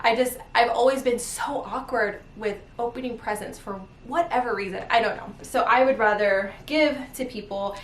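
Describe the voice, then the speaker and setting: A woman's voice: on the high side, moderate pace, few pauses, slight background noise. A young woman chatting casually to her viewers while folding laundry at home, rambling a little and laughing between sentences. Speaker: vlogger. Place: room at home, indoors. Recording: roomy home recording from a distance.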